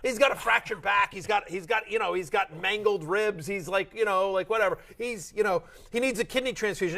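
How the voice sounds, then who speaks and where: A man's voice: high-pitched, brisk, few pauses, fairly bright tone. A middle-aged man hosting a fantasy football show, talking in a chatty, joking way with lots of restarts and asides. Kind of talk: casual sports chat.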